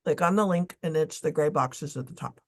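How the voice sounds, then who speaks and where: A woman chairing a committee meeting on a video call, brisk and casual, blunt, with the odd swear word. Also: sits low.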